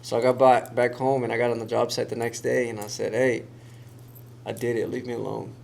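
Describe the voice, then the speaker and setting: Male guest, gravelly tone, animated storyteller, quiet background hiss. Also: medium pitch, fairly quick. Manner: animated storyteller who acts out quoted voices. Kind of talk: casual storytelling.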